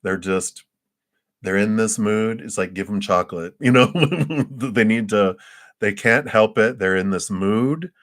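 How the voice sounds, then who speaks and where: A deep-voiced man reads tarot cards for viewers on a live stream. He talks in a loose, chatty way and keeps musing aloud about what he feels. He laughs easily between his thoughts. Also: unhurried, fairly bright tone. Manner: chatty, laughs often, thinks aloud with "I just feel like". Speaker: tarot reader. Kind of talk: live-stream card reading.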